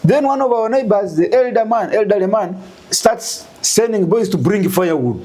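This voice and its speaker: A Ugandan man telling a story in an interview, animated and full of rhetorical questions. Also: high-pitched, normal speed. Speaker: guest.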